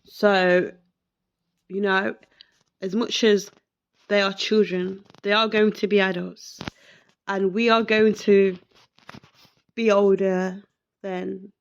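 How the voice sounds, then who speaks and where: Woman podcaster, emotional and reflective, unhurried, raspy fry in her voice. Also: mid-range voice, level tone, dull audio. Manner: slow, reflective, repeats herself. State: emotional, close to tears. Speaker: podcast host. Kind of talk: emotional personal monologue.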